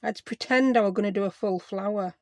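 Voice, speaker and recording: A woman chats her way through a crafting vlog, poking fun at her own work and muttering to herself as she goes. Her voice sits at an ordinary middle pitch, and the sound is close and dry with no room echo. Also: fast, darkish tone. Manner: chatty, self-deprecating, talks to herself while working. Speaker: craft channel host.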